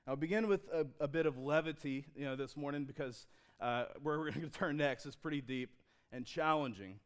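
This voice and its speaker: A male pastor delivering a sermon to a church congregation. His voice is smooth and resonant at a middle pitch. He talks in an easy, conversational way, with restarts, and slows down to read scripture. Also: expressive.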